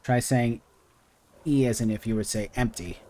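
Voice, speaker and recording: A man's voice: medium pitch, fairly even intonation, moderate pace, warm tone. A man streaming a video game, chatting casually with viewers and thinking aloud as he plays. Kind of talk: casual gaming commentary.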